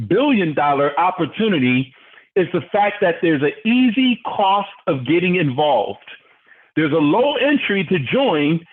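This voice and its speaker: A man leading a motivational business training call, fired up and preachy, often putting questions to his listeners. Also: high-pitched. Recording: tinny phone-line audio.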